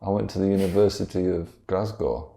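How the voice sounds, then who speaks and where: A man's voice: deep voice, level tone, fairly quick, vocal fry, dark tone. A man playing a lonely earnest male scientist in his own voice on an improvised comedy podcast, talking fondly and reassuringly.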